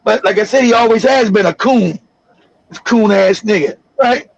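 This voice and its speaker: High husky man telling a story. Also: normal speed, lo-fi sound. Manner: animated, laughing, profane. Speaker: livestream host. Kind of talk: casual storytelling.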